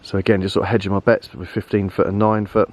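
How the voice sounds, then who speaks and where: A man chatting casually to camera while fishing outdoors, relaxed and easygoing, calling his friend mate. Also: lowish voice, fast talker, dull audio. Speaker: vlogger and angler. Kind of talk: casual fishing vlog chat. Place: lakeside fishing swim outdoors.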